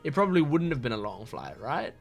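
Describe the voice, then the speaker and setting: A man's voice: mid-range voice, wildly swooping pitch, brisk. A young man chatting casually over a game playthrough, rambling with many fillers. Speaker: let's play host. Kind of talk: casual game commentary and reading dialogue aloud. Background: faint game music.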